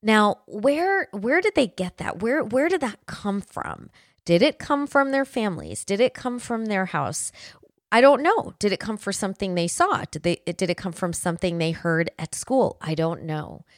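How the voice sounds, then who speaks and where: A woman's voice: medium pitch, big pitch swings, normal speed, no echo, studio quality. A woman in her forties hosting a podcast, telling family stories in an earnest, conversational way with frequent restarts. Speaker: podcast host. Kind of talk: casual podcast monologue.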